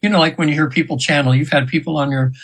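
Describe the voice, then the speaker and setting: A man's voice: a little high, fairly even intonation, racing, a bit bright, slightly rough, rough recording. A man in his seventies telling stories as a guest in an interview, rambling with fillers and restarts, sometimes acting out voices he quotes. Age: 70s. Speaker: guest hypnotherapist. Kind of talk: casual storytelling in an interview.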